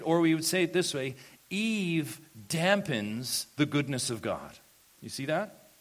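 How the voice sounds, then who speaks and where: A man preaching an expository sermon in church, emphatic and often asking the congregation questions. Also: a little high. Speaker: pastor.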